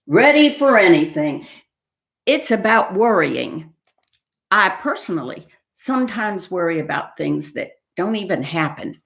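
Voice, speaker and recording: Animated woman reading to children. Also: on the low side, unhurried, creaky. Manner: animated and expressive. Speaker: storytime reader. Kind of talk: reading picture books to children. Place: library room. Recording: echoey room.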